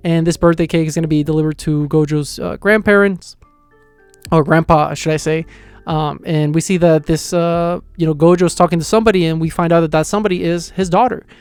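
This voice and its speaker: A man with a slightly high, smooth and resonant voice excitedly recaps a story in a loose, casual way. His talk rambles with plenty of fillers and quick restarts. The sound is dry and close, with soft music faintly underneath. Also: no echo. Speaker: manga reviewer. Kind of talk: casual reaction review.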